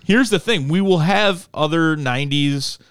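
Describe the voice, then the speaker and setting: A man co-hosting a podcast in casual chat, jokey and talking in quick bursts. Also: a little high, fairly bright tone, a little hiss or hum. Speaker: podcast co-host.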